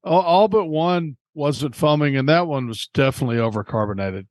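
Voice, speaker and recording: A man's voice: on the high side, fairly quick, a little mellow, no echo. A man co-hosting a homebrewing podcast, explaining things and telling stories in easygoing, casual chat. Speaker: podcast co-host.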